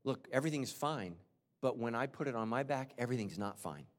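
A man preaching a sermon as pastor, moving between loud outbursts and quiet confession, with humorous asides. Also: mid-range voice, lively intonation, brisk. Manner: humorous asides and acted-out quotes. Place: large church auditorium. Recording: long reverb of a large hall.

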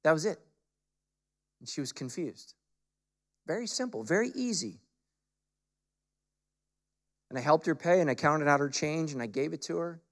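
A male pastor delivers a sermon in a slightly higher-than-usual voice. He tells stories in a relaxed, chatty way, then presses his points with repeated, emphatic lines. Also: moderate pace, long pauses. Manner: conversational storytelling that builds to forceful emphatic preaching.

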